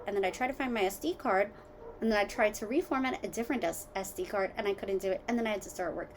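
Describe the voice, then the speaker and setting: Woman rambling on her home podcast, mid pitch, lots of likes and ums, gets loud then mutters, faint background hum. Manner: rambling, tangent-hopping, filler-heavy; animated, swings between loud asides and quiet mutters. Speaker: podcast host. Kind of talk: casual solo podcast chat.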